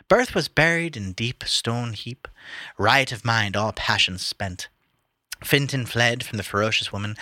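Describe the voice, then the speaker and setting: A man's voice: lowish voice, sharp tone, dry recording, clean studio sound. A man casually reading poetry aloud to friends, stumbling and restarting over words now and then. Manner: reads verse with stumbles, restarts and laughs.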